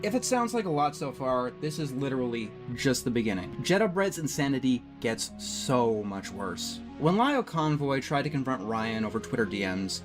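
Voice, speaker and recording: A man's voice: medium pitch, sing-song, normal speed, few pauses. Brief: male commentary narrator, scripted delivery, dry emphatic tone, music underneath. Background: music playing.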